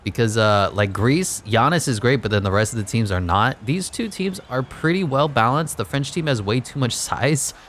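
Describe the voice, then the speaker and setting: A man's voice: mid-range voice, lively intonation, normal speed, few pauses, fairly bright tone, a little hiss or hum. A man giving casual play-by-play commentary over a basketball video game, with wry joking asides. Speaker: gaming YouTuber.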